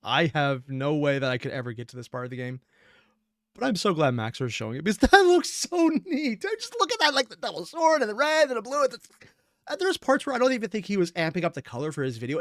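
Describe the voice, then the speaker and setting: A man reacting to a video in a casual, rambling way, often breaking into giggles. His pitch is animated and jumps with excitement. The sound is dry and close. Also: fast talker, no room sound.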